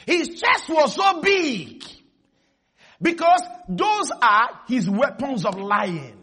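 Male preacher with a high, husky voice, animated, leads call and response. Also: slow pace. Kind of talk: sermon.

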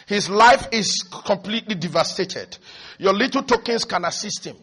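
High-voiced, bright preacher man. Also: moderate pace, slightly rough. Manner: animated, swings from low and quiet to high shouted mimicry. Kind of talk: sermon.

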